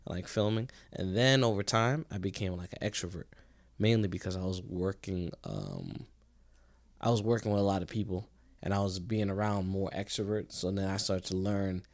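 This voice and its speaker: A man's voice: low-pitched, no room sound. A young man co-hosting a podcast, talking in a laid-back, rambling way and laughing often. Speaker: podcast co-host. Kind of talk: casual chat.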